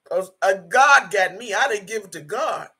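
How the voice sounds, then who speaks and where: A woman's voice: mid-range voice, lively intonation, moderate pace, sharp tone, husky. A woman livestreaming in a casual way, reading viewers' chat comments aloud in a blunt, emphatic manner, swearing freely and switching into prayer. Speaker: YouTube live streamer.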